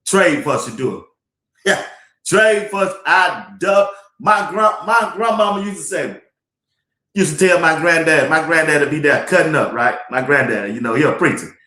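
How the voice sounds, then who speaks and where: Animated, laughing man in an echoey room. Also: fairly high pitch, moderate pace. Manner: animated, joking, laughs often; folksy slang, church talk. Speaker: sports talk show host. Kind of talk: casual livestream sports talk.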